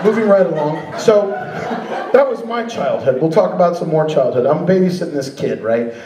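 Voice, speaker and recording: A man performing stand-up on a club stage, his slightly high voice jumping into loud, animated shouts as he tells crude stories. He sounds a little off the mic, with the room ringing around him and an audience laughing throughout. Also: moderate pace, crowd noise. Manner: animated, profane storytelling that bursts into shouting. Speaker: stand-up comedian. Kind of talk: stand-up comedy set. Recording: roomy live club recording from a distance.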